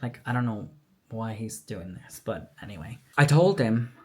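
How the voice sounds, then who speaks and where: A woman with a warm, rumbling low voice talks at normal speed, sounding expressive. On her vlog she candidly and emotionally relates a personal story, playing out what others told her.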